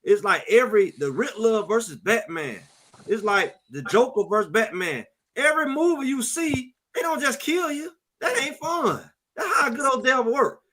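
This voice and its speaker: A man hosting a casual sports talk show, animated and stammering over repeated words as he acts out little scenes. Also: very high-pitched, moderate pace, a little hiss or hum, poor audio. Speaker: show host.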